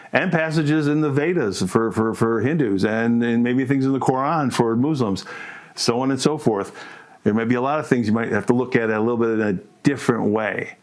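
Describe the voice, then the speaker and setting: Animated provocative male podcast co-host. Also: mid-range voice. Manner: animated, provocative, rhetorical questions, addresses listeners as folks. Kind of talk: casual opinionated monologue.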